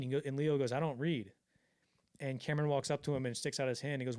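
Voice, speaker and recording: A man telling a story on a casual podcast, swearing freely and acting out the quotes in quick put-on voices. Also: on the high side, fairly even intonation, a little mellow, clean tone, no echo, studio quality. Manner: fast, profane, acts out quotes in voices. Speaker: podcast co-host.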